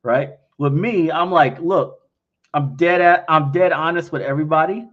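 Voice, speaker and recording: A man's voice: on the high side, moderate pace, phone-quality sound. A man answering investor questions in a casual livestream, talking bluntly and frankly, often acting out both sides of conversations. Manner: blunt and frank, acts out quoted exchanges.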